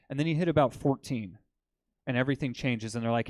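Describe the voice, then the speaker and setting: In a comedy club, a man performs stand-up, delivering crude jokes deadpan and trading banter with the audience. His voice is mid-range and fast, and the recording is dry.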